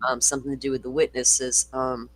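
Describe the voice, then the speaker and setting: A man's voice: medium pitch, monotone, a little fast, fairly bright tone, no room sound. A middle-aged man hosting a casual true-crime livestream, swearing freely and reading viewer comments aloud. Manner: profane, ranting, reads viewer comments aloud.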